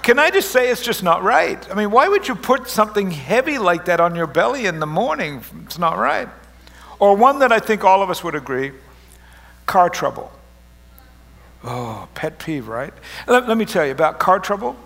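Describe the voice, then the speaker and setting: High-voiced joking preacher man. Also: normal speed, gravelly. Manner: joking, animated, teasing the congregation. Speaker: pastor. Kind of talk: humorous sermon. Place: church service.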